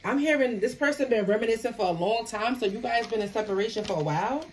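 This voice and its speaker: A woman's voice: fairly high pitch, fast talker, a little hiss or hum. A woman giving a casual tarot reading, talking emphatically to viewers. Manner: animated, emphatic, talks back to the cards. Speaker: tarot reader.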